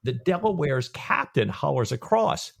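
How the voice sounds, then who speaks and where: A man's voice: on the high side, measured pace, vocal fry. A man co-hosting a podcast, retelling a novel's chapter in casual chat and acting out its lines. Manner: animated storytelling with quoted lines. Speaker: podcast co-host.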